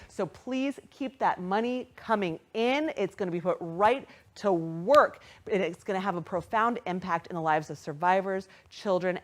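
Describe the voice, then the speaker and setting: A woman hosting a live-streamed charity gala, thanking donors by name in a bubbly, excitable way. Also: fairly low pitch. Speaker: gala host. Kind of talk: live-stream fundraising emcee.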